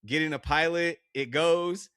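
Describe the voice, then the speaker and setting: Podcast guest dude telling a story, loose and animated, says "like" a lot, dry sound. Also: male voice, a little high, unhurried, clear, resonant tone, dry recording. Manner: animated retelling with many "like" and restarts. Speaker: guest, actor and artist. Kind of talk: casual conversational storytelling.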